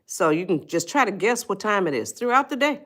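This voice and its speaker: A woman's voice: medium pitch, sing-song, a little fast, a bit bright. A woman hosting a casual live stream, chatting with viewers and coaxing them to reply. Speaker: livestream host, life coach.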